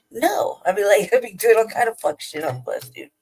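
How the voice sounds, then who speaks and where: Gravelly, husky woman ranting profanely. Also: mid-range voice, animated, moderate pace, low-quality recording. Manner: profane, blunt, laughing often. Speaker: podcast co-host. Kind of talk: casual storytelling rant.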